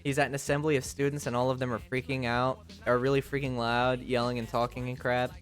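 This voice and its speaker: A man's voice: medium pitch, flat delivery, a little fast. A male streamer in casual live-stream chat, rambling and joking with many fillers and restarts. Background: faint music.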